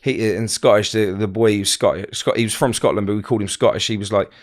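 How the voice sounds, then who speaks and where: A man telling stories in an interview, rambling and halting with many fillers and restarts. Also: fairly low pitch, steady tone. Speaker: interview guest. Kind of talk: casual storytelling interview.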